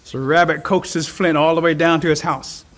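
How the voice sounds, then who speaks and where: High-voiced, animated male storyteller. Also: normal speed. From Cherokee Nation. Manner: animated, expressive. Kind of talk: oral storytelling.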